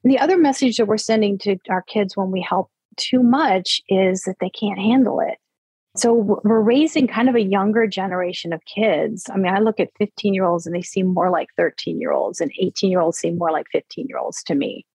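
A woman in her fifties, a therapist, explaining parenting in an earnest conversational interview and slowing down to stress her points. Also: medium pitch, darkish tone, husky, no room sound, low-quality recording. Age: 50s.

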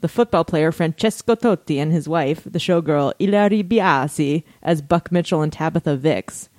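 A woman's voice: low voice, moderate pace, a little mellow, no echo. A woman co-hosting a podcast, reading facts aloud in casual chat with frequent asides and laughter. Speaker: podcast co-host.

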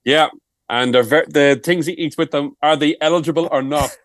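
A man's voice: fairly high pitch, fairly even intonation, moderate pace, no room sound. Dry-voiced man bantering. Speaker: podcast co-host. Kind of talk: casual comedic chat.

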